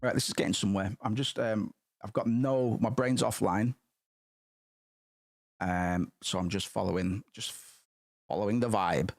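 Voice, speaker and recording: A man's voice: on the low side, a little slow, pauses often. A man streaming, chatting casually and rambling, swearing freely with many restarts.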